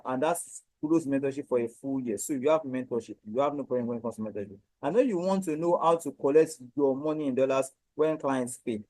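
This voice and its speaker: A man with a Nigerian accent giving a repetitive, emphatic sales pitch for his coaching program. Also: darkish tone, dry recording, rough recording. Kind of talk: direct-to-camera sales pitch.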